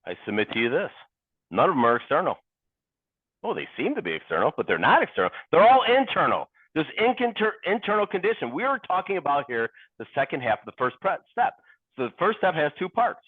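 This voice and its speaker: A man's voice: on the high side, big pitch swings, slightly rough, no echo. Earnest man speaking over a tinny line. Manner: earnest, deliberate, addresses the listeners directly. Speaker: speaker at a recovery meeting. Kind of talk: personal recovery share. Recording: tinny phone-like dry sound.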